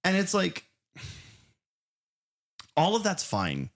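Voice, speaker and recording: Podcast co-host, man, very lively pitch, profane and animated. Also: slow pace. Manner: animated, swears freely, acts out characters' lines. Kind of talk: casual movie-review chat.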